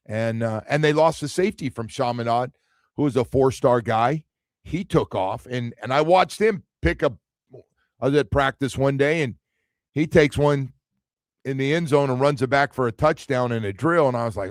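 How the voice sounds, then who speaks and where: Male sports radio host, mid-pitched, dry studio mic, lively storyteller who acts out quotes. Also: moderate pace, no room sound. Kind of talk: casual sports talk.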